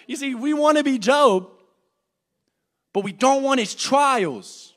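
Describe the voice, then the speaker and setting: A young man teaching an adult church class, earnestly swinging between loud urging and hushed reflection. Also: very high-pitched, lively intonation, takes it slowly. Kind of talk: sermon.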